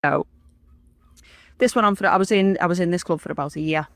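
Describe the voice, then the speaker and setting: A woman's voice: fairly low pitch, brisk, creaky, no room sound. A woman, telling a personal story as an interview guest in a blunt, rambling way with lots of swearing.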